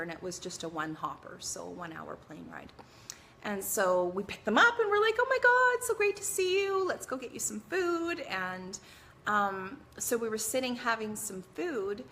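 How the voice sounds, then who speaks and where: Bright, chatty woman hosting a live stream. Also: mid-range voice, slight background noise. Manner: chatty and animated, laughs often, greets viewers by name. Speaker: host of a live-streamed advice show. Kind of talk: casual live-stream talk.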